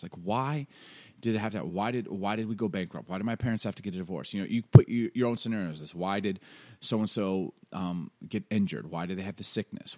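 Low-voiced man in candid podcast talk. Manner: earnest, animated when quoting scripture aloud. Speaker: podcast co-host.

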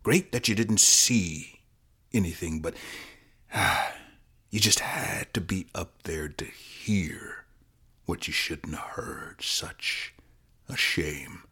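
A man voicing a menacing male police interrogator who talks in a soft, sinister, drawn-out way. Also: deep voice, breathy edge, in a whisper, full character voice.

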